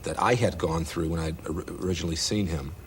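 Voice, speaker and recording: Low-voiced man telling a story. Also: a crowd in the background. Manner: descriptive, measured storytelling. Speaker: interviewee. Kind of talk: interview reminiscence.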